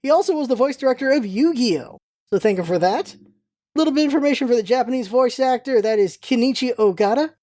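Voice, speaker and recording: A young woman hosting a casual rewatch podcast, chatty and excitable, rambling through facts with lots of asides. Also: on the high side, no room sound, clean studio sound. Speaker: podcast host.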